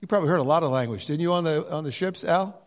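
An older man preaching a sermon, animated and jokey, sometimes mimicking other voices. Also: a little high, quick pace. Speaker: pastor. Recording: reverberant hall sound.

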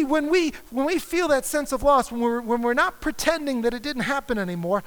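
A man's voice: very high voice, a bit bright. A man preaching a sermon as a pastor, reading scripture passages aloud with dramatic emphasis. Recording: long hall reverb.

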